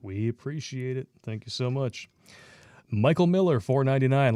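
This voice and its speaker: A man's voice: mid-range voice, lively intonation, moderate pace, darkish tone, dry recording. Brash man reading donations, dry sound. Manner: brash, crude, joking asides. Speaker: livestream co-host reading donations. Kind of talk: casual livestream chat.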